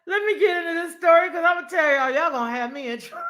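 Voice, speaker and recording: A woman's voice: high-pitched, background noise. A woman hosting a casual live stream, playful and laughing often as she exclaims. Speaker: host.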